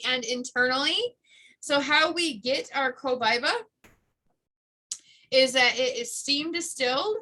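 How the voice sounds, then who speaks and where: Bright chatty woman stumbling over words. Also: on the high side, rough recording. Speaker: essential oils presenter. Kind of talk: casual chat, explaining product uses. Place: her room at home.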